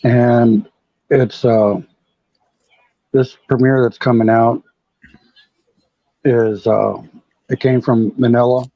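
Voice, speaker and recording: Male American guest, relaxed and friendly, hesitant fillers, dry muffled call sound. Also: mid-range voice, takes it slowly, pauses often, no echo. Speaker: guest on a live chat. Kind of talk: casual live-stream chat. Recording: dry, dull lo-fi call audio.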